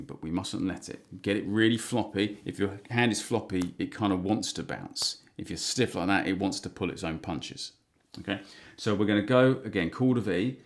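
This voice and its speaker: A man teaching guitar strumming patterns, relaxed and counting beats aloud as he plays. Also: fairly low pitch, normal speed. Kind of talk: instructional guitar lesson. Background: acoustic guitar strumming.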